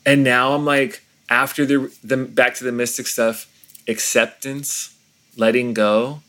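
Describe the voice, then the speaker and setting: A man's voice: medium pitch, level tone, a bit bright. Earnest reflective male pastor. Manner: earnest, reflective, halting with restarts. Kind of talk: reflective interview conversation.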